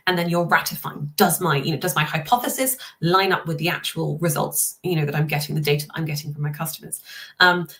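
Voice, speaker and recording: A woman talks as a guest consultant in an easygoing interview. Her voice sits slightly low, and she explains in an articulate way, dropping in quick asides as she goes. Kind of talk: casual interview chat.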